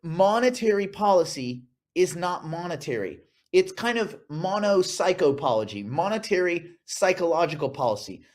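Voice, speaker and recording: Male host, high voice, sarcastic livestream commentary. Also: normal speed, hardly any pauses. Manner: sarcastic, animated, repeats himself.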